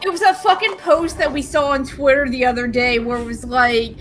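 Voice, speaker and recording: A woman's voice: high voice, brisk, faint music behind. A woman chatting casually with friends on a stream, swearing often as she tells a story. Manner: swears a lot, animated storytelling. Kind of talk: casual chat.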